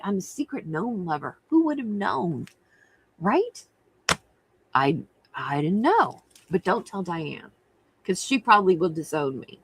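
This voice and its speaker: A woman's voice: fairly low pitch, fairly bright tone, a little hiss or hum, low-quality recording. A middle-aged woman hosting a crafting livestream, chatting casually and giggling while reading viewer comments.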